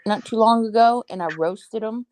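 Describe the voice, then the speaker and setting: A woman's voice: a little high, normal speed, darkish tone, no echo. A woman co-hosting a casual chat, talking in a blunt, chatty way.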